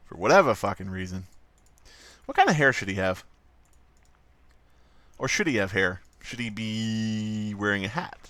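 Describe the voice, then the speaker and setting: Sweary streamer guy rambling while he draws, pitch all over the place, super dry close mic. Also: pushed and bright, dry recording. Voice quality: profane, rambling and joking. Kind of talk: casual livestream commentary.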